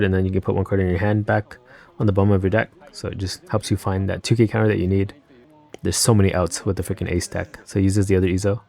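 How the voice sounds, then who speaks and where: Low mellow-voiced man commentating a match. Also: creaky. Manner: rambling, thinking aloud, self-correcting, chatty asides. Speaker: card game YouTuber and match commentator. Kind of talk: casual live reaction commentary on a card game match.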